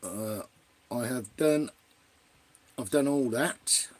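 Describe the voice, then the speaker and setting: A man's voice: medium pitch, slow. A man hosting a live stream in casual chat, greeting viewers by name and swearing freely.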